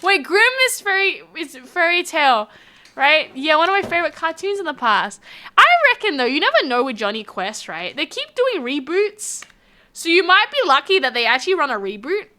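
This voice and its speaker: Bright, lively Australian woman streamer. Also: sits high, a little fast. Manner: giggly, animated, chatty. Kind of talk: casual live-stream chat, reading chat aloud.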